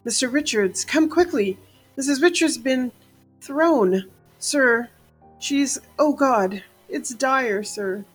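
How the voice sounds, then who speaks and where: A woman voicing a panicked male household servant who shouts in frantic, breathless bursts in a storybook reading. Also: sits high, lively intonation, slow, faint music behind, pitched above the performer's own voice, rough recording.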